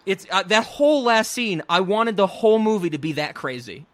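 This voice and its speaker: A man with a high voice talks about a movie with animated energy, often laughing and mimicking lines in a shrill voice. The sound is dry and close. The chat is casual, like a podcast. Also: moderate pace, no room sound. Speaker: podcast co-host.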